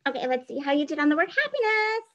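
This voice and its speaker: A woman teacher giving a recorded phonics dictation lesson, playful and spelling things out clearly. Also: high-pitched, big pitch swings, quick pace, lo-fi sound, noisy background.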